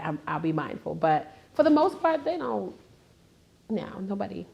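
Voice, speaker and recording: Animated woman comedian telling stories. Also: mid-range voice, normal speed, gravelly. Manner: animated storytelling, acts out family members. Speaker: stand-up comedian; interview guest. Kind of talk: casual interview chat.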